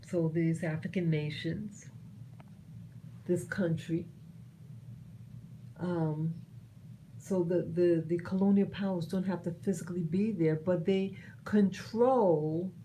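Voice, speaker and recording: A woman from the United States giving her personal commentary, earnest and halting, often restarting her sentences. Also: on the low side, mellow, slight background noise, low-quality recording. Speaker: vlogger sharing opinions.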